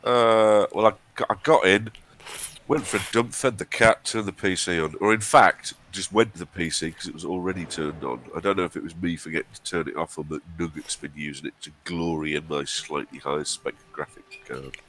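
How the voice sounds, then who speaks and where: A man's voice: sits low, steady tone, fairly quick, fairly bright tone. A man from England with a cold, co-hosting a live stream in casual, jokey banter. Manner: chatty, banter with jokey asides. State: has a cold. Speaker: stream co-host.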